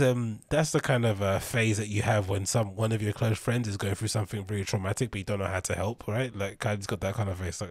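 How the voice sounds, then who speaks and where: Guy with a lowish voice, rambling and wry on his podcast, dry close sound. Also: fast, hardly any pauses, husky, dry recording. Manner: wry, rambling, laughs at what he reads. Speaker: podcast host. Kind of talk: casual commentary reading news aloud.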